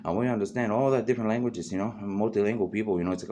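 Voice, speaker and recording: A man's voice: on the low side, rapid-fire, warm tone. A man hosting a rambling, casual monologue, free-associating and peppering his talk with "you know" and "man". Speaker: host. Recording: noisy background.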